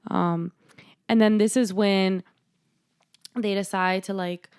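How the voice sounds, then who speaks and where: A woman's voice: mid-range voice, slow, clear, resonant tone. A young woman co-hosting a podcast, casually recapping a horror film and acting out the characters' lines. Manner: animated retelling with acted-out quotes. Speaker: podcast co-host. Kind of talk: casual movie recap chat.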